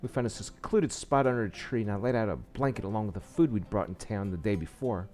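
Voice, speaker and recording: A man's voice: on the low side, fairly quick, darkish tone, faint music behind. A man reading a visual novel aloud, with small slips and asides, saying he is losing his voice. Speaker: game narrator.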